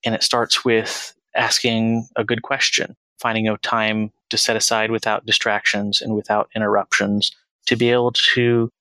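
Earnest man with a bright voice. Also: fairly low pitch, level tone, dry recording, rough recording. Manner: earnest and measured, reflective. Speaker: podcast guest, financial planner. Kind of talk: conversational interview.

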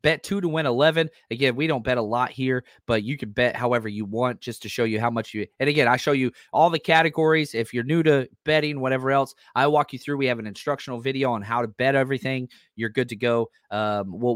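A man hosting a sports podcast, talking casually and excitedly about football matchups, with a dry, close sound. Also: medium pitch, fast talker, hardly any pauses, dry recording. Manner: excitable, hype-driven. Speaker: podcast host.

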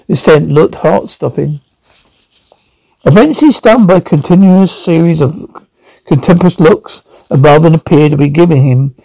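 A man's voice: a little high, gravelly, warm tone, dry recording, low-quality recording. A man reading an audiobook aloud, often stumbling and correcting himself. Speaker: audiobook reader. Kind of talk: audiobook narration.

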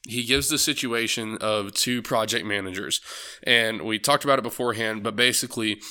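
A man's voice: on the low side, bright, forceful tone, clear, resonant tone. A man hosting a book club podcast, talking casually with rambling asides, frequent swearing and self-deprecating humor. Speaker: podcast host.

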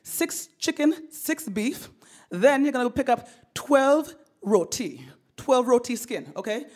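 A woman putting on her insistent mother's voice as she gives orders, a little higher than her own. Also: expressive, measured pace, darkish tone. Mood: bossy. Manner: commanding, insistent. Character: bossy mother giving orders.

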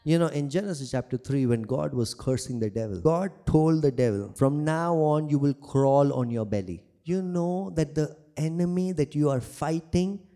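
Pastor guy preaching, kinda high voice, repeats stuff over and over for punch, jokes around a bit. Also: expressive, moderate pace, hardly any pauses, dark tone. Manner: emphatic, repeats declarations in rising waves; jokes and laughs with the congregation. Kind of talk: sermon.

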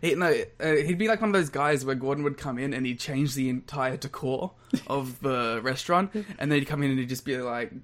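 A young man co-hosting a podcast in casual banter, laughing often and throwing in quick asides. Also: medium pitch, a bit bright. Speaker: podcast co-host.

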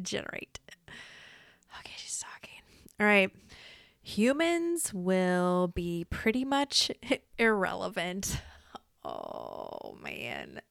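A woman's voice: mid-range voice, sharp tone, clear, resonant tone, no room sound, clean studio sound. A woman hosting a casual podcast, reading answers aloud and reacting with curses, laughs and mock alarm. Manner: bursts of quick talk. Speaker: podcast host.

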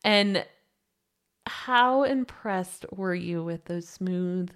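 A young adult woman co-hosting a book club podcast, chatting casually with relaxed, dry, brief replies. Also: on the low side, very slow. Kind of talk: casual chat.

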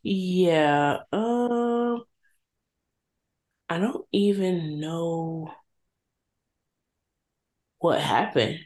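A young woman co-hosts a podcast. She speaks slowly and in a low register, choosing her words with care. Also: a little mellow. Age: young adult. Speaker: podcast co-host. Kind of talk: casual chat.

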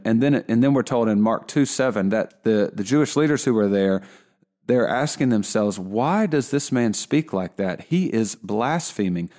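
A man giving a relaxed Bible lesson in a conversational way, often restarting his sentences. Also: mid-range voice. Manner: conversational, with frequent restarts and fillers. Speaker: Bible teacher.

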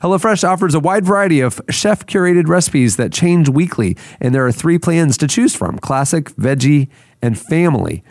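A man's voice: a little high, lively intonation, moderate pace, darkish tone, no room sound, studio quality. A man hosting a podcast, running segments and reading an ad in an upbeat, casual way. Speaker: podcast host. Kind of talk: casual podcast chat and read ads.

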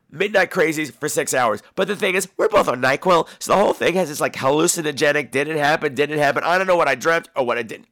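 A man's voice: fairly high pitch, dry recording, clean studio sound. A man hosting a podcast in a casual monologue, telling stories in a campy, theatrical way and swearing freely. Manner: animated, profane storytelling. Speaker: podcast host.

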